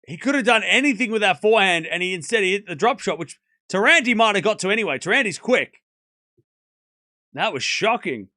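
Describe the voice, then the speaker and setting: A high, lively male voice calls a tennis match shot by shot for a live watchalong stream, with his pitch leaping on big points. His tone is bright and sharp, and he sits close to the mic in a dry room. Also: fairly quick, no echo. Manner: excitable, animated, calls each shot. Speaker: watchalong commentator. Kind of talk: live play-by-play commentary.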